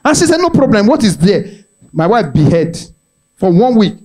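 A man's voice: sits high, normal speed. A Nigerian man with a Nigerian accent doing stand-up, telling a family story and acting out its voices with pidgin mixed in. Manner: animated, mixes in Nigerian pidgin, acts out the voices in his stories. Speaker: stand-up comedian.

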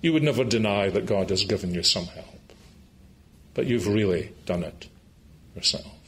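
A man's voice: on the low side, expressive, moderate pace, a little hiss or hum. A man with a Scottish accent preaching a sermon in a church meeting, making earnest, pleading appeals to his listeners and closing in prayer.

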